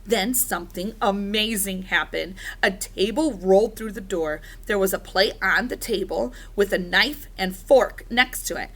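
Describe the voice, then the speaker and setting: A woman reading a children's storybook aloud, animated and expressive. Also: mid-range voice, measured pace, hardly any pauses. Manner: animated, doing character voices. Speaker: reader.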